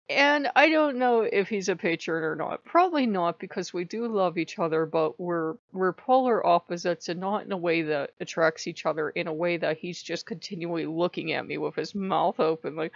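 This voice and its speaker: A woman vlogger chatting casually to camera about her spiritual life, animated and laughing often. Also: lowish voice, gravelly, dry recording, lo-fi sound.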